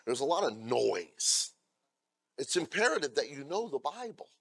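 A male pastor delivering a sermon, moving between loud scripture readings and blunt asides to the congregation. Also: mid-range voice, sing-song, normal speed, vocal fry, no room sound, studio quality. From America. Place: church.

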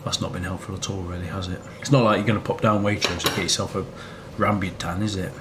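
A man's voice: deep voice, fairly even intonation, quick pace. Wry man vlogging over ambient noise. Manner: wry, chatty food-tasting asides. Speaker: travel vlogger. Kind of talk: casual vlog commentary. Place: tropical beach resort.

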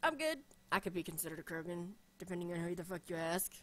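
Excitable, foul-mouthed young woman. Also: fairly low pitch. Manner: excitable and profane, quick to shriek and laugh. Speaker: co-host. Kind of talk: casual chat.

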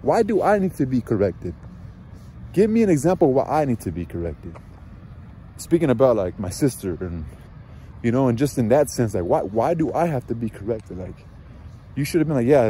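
A man's voice: mid-range voice, warm tone, slight background noise. A young man telling a casual story as a father, rambling with many fillers and sounding frustrated. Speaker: father vlogger.

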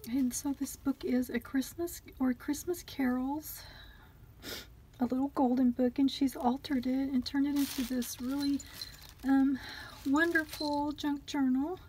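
Woman, high pitch, slow and unhurried, gushing, soft near-whispered asides, faint background noise. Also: steady tone, low-quality recording. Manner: gushing, delighted exclamations. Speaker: craft vlogger unboxing a gift swap. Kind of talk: casual unboxing chat.

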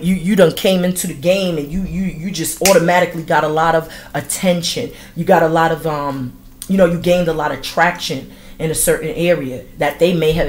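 A woman reads tarot for her viewers in a loose, slangy way. She swears freely and laughs often, and her voice sits a little low for a woman. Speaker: tarot reader. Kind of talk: casual astrology reading monologue.

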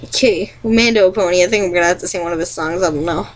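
A woman's voice: on the low side, fast, rough recording. A young woman vlogging an impression challenge, giggly and self-mocking, rambling between tries.

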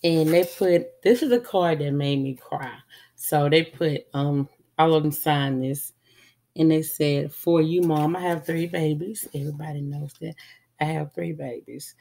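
A middle-aged woman with a notably low voice, chatting in an unhurried, rambling way. She sounds stuffy from a cold and fills her pauses with ums as she walks through her holiday gifts. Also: gravelly, warm tone. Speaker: vlogger. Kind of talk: casual holiday haul chat.

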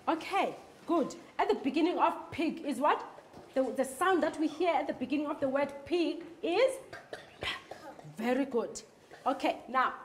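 High-voiced woman teaching phonics. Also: slight background noise. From South Africa. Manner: slow, repetitive, drawing out words while clapping. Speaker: foundation-phase teacher. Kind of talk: phonics lesson for young children. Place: classroom.

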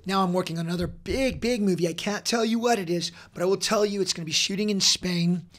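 A middle-aged man talking as a podcast guest, earnest and energetic, with many fillers and restarts. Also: high-pitched, quick pace. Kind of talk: casual interview talk.

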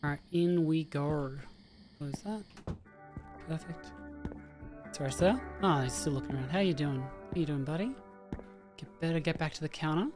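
Speaking in a low voice at normal speed and pausing often, a streamer talks her way through a horror game. She thinks aloud and chats with the characters in casual let's-play fashion while faint game music plays underneath.

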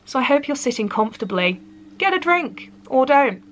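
A woman's voice: high-pitched, very animated, moderate pace, slight background noise. A woman hosting her channel, reading a Christmas story aloud with playful, chatty asides to her listeners.

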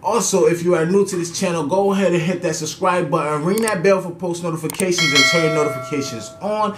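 A man's voice: fairly high pitch, brisk, echoey room, background noise. A young man telling a casual story time. His talk is slangy and profane, and he laughs as he goes. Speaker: storytelling vlogger.

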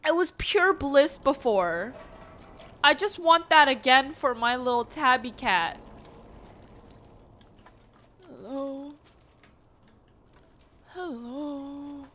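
Young woman gaming host, high and bright, unhurried, jumpy and chatty, talking to her chat. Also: sing-song. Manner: easily startled, talks to the game and chat, gasps and exclaims. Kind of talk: casual let's-play commentary.

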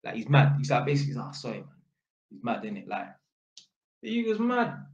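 A man's voice: mid-range voice, huge pitch swings, brisk, muffled recording. Slangy man in an echoey room. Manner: slangy and sweary, full of innit and fam. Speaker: electrician. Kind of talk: casual storytelling to camera.

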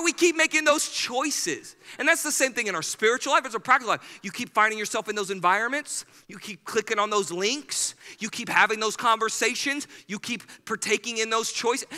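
A man's voice: high voice, brisk, few pauses, pushed and bright. A male pastor preaching a sermon with energy, acting out the people he quotes. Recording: hall reverb.

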